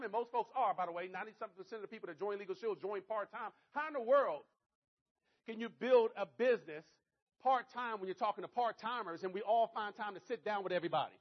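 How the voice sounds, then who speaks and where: Male motivational speaker with a high pitch, coaching a crowd through sales stories with repeated catchphrases, dull lo-fi sound. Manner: animated storyteller, repeats catchphrases, coaches listeners directly. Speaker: network marketing speaker. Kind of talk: motivational sales talk to an audience. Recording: dull lo-fi recording.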